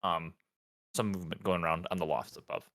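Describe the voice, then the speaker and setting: Halting, bright-voiced male dungeon master. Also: low-pitched, steady tone. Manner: halting, many ums, loose and unhurried. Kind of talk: describing scenes for a tabletop game.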